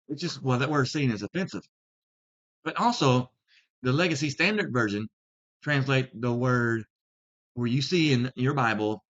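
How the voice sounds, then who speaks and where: A man in a mid-pitched voice gives a deliberate video lesson as a Bible teacher. He leans hard on key words as he explains. The recording is a little dull and lo-fi. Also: fairly bright tone. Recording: slightly dull lo-fi sound.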